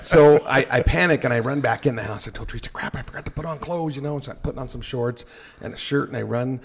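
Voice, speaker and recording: A middle-aged man telling a story on a podcast, animated and joking as he goes. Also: mid-range voice, fast, gravelly, crowd noise. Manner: animated storyteller, jokey asides. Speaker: podcast guest. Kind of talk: casual storytelling.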